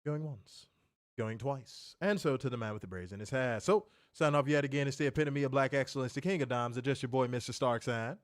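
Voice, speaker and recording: A man's voice: mid-range voice, fairly quick, dry recording, clean studio sound. A man hosting a podcast, telling a story in a loose, profane way and laughing often. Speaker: podcast host. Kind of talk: casual storytelling chat.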